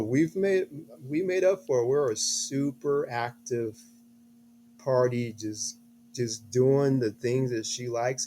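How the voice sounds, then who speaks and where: Middle-aged guy, kinda hoarse voice, earnest storyteller, ordinary pitch, restarts a lot. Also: dark tone, a little hiss or hum. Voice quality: slightly hoarse. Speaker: guest, a father. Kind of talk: interview storytelling.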